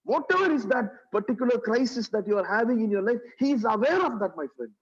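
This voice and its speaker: A man's voice: extremely high pitch, lively intonation, fast talker, breathy edge. A man with a Kerala English accent preaching a sermon, earnest and repetitive, with rhetorical tag questions, in a church. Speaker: pastor. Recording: dull lo-fi recording.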